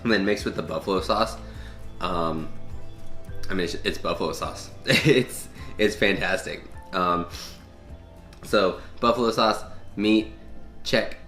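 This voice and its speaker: A man's voice: low-pitched, a little slow, long pauses, pushed and bright, roomy sound, soft background music. A man hosting a casual cooking and fitness vlog, chatty and full of ums as he tastes his food. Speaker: fitness vlogger.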